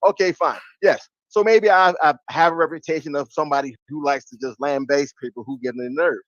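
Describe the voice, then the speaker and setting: A man's voice: fairly high pitch, a little fast, dry recording. A man ranting and laughing in casual livestream chat, his talk full of restarts and sudden bursts. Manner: animated ranting, laughs between lines. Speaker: stream panelist. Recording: muffled lo-fi audio.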